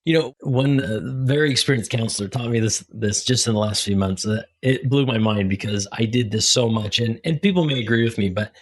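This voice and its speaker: A man with a husky, slightly breathy voice hosts a relaxed podcast conversation. He speaks at a middling pitch and gets animated, slipping into little acted-out quotes as he goes. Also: a little fast, few pauses. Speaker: podcast host. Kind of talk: casual conversational interview.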